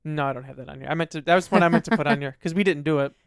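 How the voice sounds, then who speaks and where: A man co-hosting a podcast in casual chat, telling an animated story and acting out what his dog would say. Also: on the high side, very fast, gravelly, clean tone, dry recording, studio quality. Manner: animated storyteller, acts out his dog's lines. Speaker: podcast co-host.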